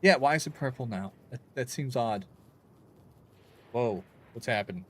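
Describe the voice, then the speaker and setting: A man's voice: mid-range voice, a little slow. A young man streaming a game, rambling and joking with chat in a loose, crude way. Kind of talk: casual gaming stream chat.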